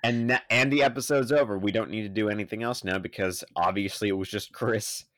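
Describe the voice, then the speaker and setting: A young man co-hosting a podcast, teasing his partner with sarcastic deadpan jokes. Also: on the low side, fairly quick, dry recording. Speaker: podcast co-host. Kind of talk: casual chat.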